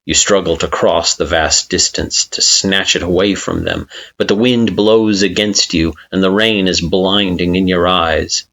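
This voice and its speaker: Deep, slow, expressive male storyteller. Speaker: story reader. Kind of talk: dramatic fan-fiction reading.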